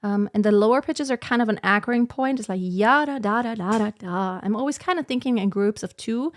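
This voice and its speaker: A woman's voice: on the high side, fairly quick, dry recording. A woman who sings lyric coloratura soprano, talking herself through an aria practice session. She is self-critical and breaks into short sung demos. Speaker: singing teacher practicing an aria. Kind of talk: thinking-aloud practice commentary.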